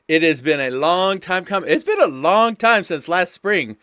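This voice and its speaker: A man's voice: high voice, big pitch swings, moderate pace, hardly any pauses, bright, forceful tone, no room sound, studio quality. A man hosting a live sim-racing stream, chatty and loose with lots of fillers, hyped up and talking to his viewers. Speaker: race host and commentator. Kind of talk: live-stream race commentary.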